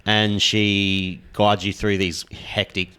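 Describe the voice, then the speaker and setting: A man's voice: lowish voice, level tone, takes it slowly, pushed and bright, smooth. A man hosting a podcast, retelling stories loosely and swearing often. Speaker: podcast host. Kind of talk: casual podcast chat.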